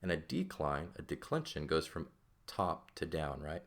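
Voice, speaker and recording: A man's voice: very deep voice, very animated, normal speed. A man teaching a classical Greek grammar lesson, explaining step by step and often checking in with "right?". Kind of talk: classroom lecture.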